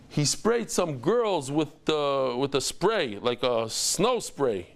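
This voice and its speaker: A man's voice: fairly high pitch, very animated, slow pace, gravelly, few pauses, a little hiss or hum. A man over fifty teaching a Talmud lesson, telling stories and acting out the dialogue with exclamations.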